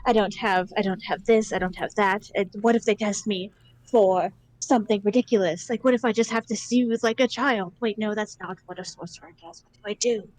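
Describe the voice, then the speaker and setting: A woman's voice: medium pitch, steady tone, fairly quick, darkish tone, lightly acted, poor audio. A woman playing a nervous young male sorcerer student who rambles anxiously in a tabletop game. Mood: panicked. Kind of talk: tabletop role-play.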